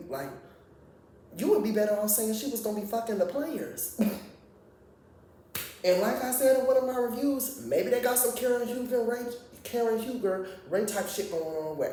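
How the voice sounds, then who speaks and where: A man giving a casual, profane recap of a reality TV episode, laughing often and talking in an animated way. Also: high-pitched, moderate pace, pauses often, slight background noise. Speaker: reality TV reviewer. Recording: very echoey room, voice from far off.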